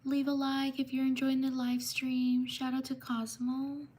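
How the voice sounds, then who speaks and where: A woman hosting a live stream, reading out viewers' names one by one and quickly apologizing for mispronunciations. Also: sits high, completely flat delivery, a little mellow. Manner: slow, drawn-out name reading with quick apologies. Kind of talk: live stream shout-outs.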